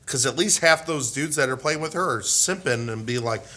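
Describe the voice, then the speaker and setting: A man's voice: mid-range voice, normal speed, sharp tone. A man hosting a casual podcast chat, joking crudely and restarting his sentences often. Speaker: podcast host.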